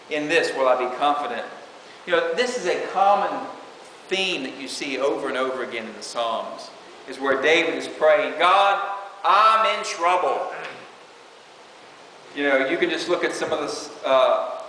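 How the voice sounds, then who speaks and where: A man's voice: a little high, a bit bright. Preacher man in an echoey hall. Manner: conversational, reads scripture aloud, frequent "you know". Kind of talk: informal sermon. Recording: echoey hall with faint hiss.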